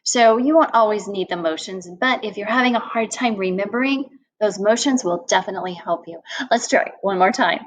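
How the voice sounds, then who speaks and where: A woman's voice: medium pitch, fairly quick, few pauses, a little hiss or hum, rough recording. A woman teaching a children's phonics lesson, acting out vowel sounds with big exclamations.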